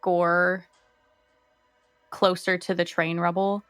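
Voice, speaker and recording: A woman's voice: fairly low pitch, flat delivery, slow, a bit bright, no room sound, soft background music. A woman playing a tabletop game, searching for words with frequent fillers. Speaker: player. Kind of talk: casual tabletop game chat.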